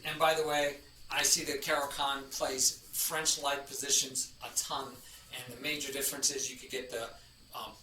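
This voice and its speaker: A man's voice: medium pitch, sharp tone, slight background noise. A man streaming chess, chatting casually and rambling as he greets chatters by name. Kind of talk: casual live-stream chat. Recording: echoey room, from a distance.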